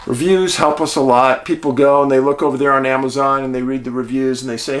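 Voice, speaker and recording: A man's voice: mid-range voice, fairly even intonation, fast, hardly any pauses. Male host, casual monologue, folksy and chatty, mid-range voice. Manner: folksy, chatty, addresses listeners as friends. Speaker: show host.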